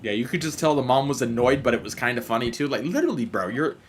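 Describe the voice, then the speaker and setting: A man's voice: mid-range voice, sing-song, fast talker, a little hiss or hum. A man streaming a game live, telling a story in casual, profane chat and laughing as he goes.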